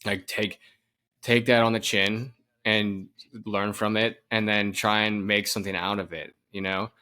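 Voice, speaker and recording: A man's voice: on the low side, measured pace. A young adult man co-hosting a podcast, chatting casually and telling stories with lots of restarts and laughs. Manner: animated storytelling, frequent laughs and restarts. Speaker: podcast co-host. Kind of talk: casual chat.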